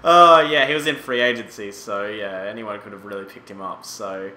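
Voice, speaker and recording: A young man in his late twenties with a very bright, sharp voice talks over a hockey management sim. He rambles casually and bursts into exclamations. The sound bounces around an echoey room with a faint hum behind him. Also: on the low side, fairly quick. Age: 20s. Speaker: gaming YouTuber. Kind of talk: casual gameplay commentary.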